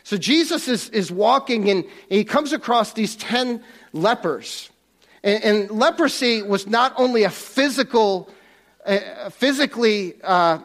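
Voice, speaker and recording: A man preaching a casual, conversational sermon to a congregation in a church, often restarting and repeating words. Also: sits high.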